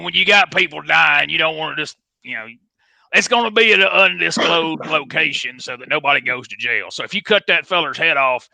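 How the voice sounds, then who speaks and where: Man, folksy rambler, gravelly, very bright forceful tone, dry sound. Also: on the high side, no echo, poor audio. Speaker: wrestling promoter guest. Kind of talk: comedic in-character call-in.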